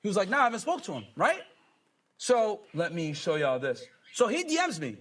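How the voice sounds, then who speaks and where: A man's voice: high voice, wildly swooping pitch, a little fast. A man hosting a podcast who tells a story to his live chat in a casual, incredulous way, reading out messages as he goes. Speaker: podcast host.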